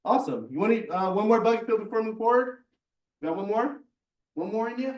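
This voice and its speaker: A man hosting a real estate office meeting speaks with chatty enthusiasm, repeating words to urge people on. His high voice is brisk with lively intonation. The lo-fi recording comes from a distant mic in an echoey large meeting room.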